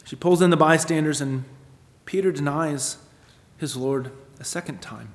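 A man preaching a sermon, asking rhetorical questions and moving between emphatic lines and hushed ones. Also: on the high side, normal speed, long reverb tail. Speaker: pastor.

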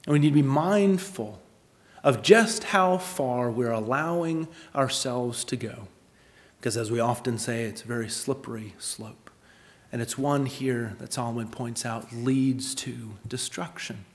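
A man preaching a sermon with earnest emphasis, rising in volume on key points and dropping low for questions. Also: a little slow. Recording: long hall reverb.

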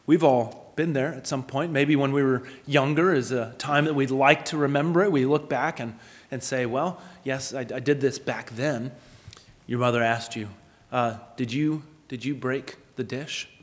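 A man preaching a sermon in an earnest, explanatory way, with lively storytelling asides. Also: mid-range voice, normal speed. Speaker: pastor. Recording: long hall reverb.

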